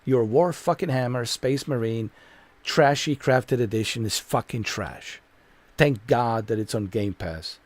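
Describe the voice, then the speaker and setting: A man's voice: medium pitch, unhurried, no room sound. A man giving a gameplay commentary rant, exasperated and profane, repeating his complaints over and over. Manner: exasperated, profane, repetitive ranting. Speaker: gamer streamer.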